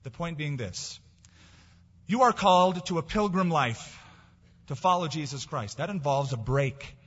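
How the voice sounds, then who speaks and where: Emphatic preacher in an echoing church hall. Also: male voice, a little high. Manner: emphatic preaching with sudden drops to quiet. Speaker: pastor. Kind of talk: sermon. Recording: dull lo-fi recording in a reverberant hall.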